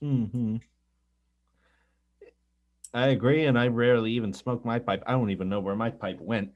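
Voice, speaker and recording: A man's voice: mid-range voice, steady tone, normal speed, highs cut off. A man hosting a casual podcast chat, self-deprecating and rambling, often restarting his sentences. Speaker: podcast host.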